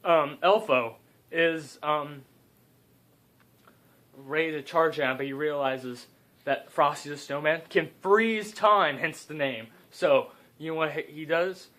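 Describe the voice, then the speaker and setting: A man's voice: on the high side, slow pace, sharp tone. A young man improvising a comedic story, rambling and cutting in with joking asides.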